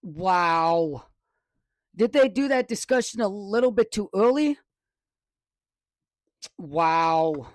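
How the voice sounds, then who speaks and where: A high-voiced man narrates a home weather live stream slowly, leaving long pauses. He's excitable and rambling, often going back to correct himself, and his close desk microphone in a dry room gives no echo.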